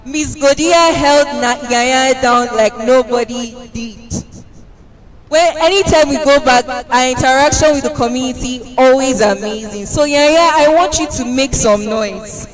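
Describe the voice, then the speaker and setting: Upbeat high-voiced emcee over music. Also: male voice, unhurried, low-quality recording. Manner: upbeat, hyping the crowd. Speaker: master of ceremonies. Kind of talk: event hosting.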